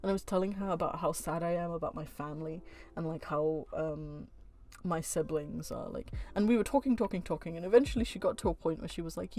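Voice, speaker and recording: A woman's voice: lowish voice, a little fast. A woman vlogger talking to camera in a frank, heated rant, swearing freely and laughing at herself. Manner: blunt, swearing, frank rants; heated, animated. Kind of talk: casual chat to camera.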